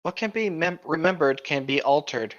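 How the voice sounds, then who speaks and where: Tipsy cohost reading fanfic out loud, swears a lot, bright sharp voice, kinda muffled lo-fi audio. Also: medium pitch, normal speed. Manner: crude, rambling, lots of filler. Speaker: podcast co-host reading aloud. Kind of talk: comedic fanfic reading with banter.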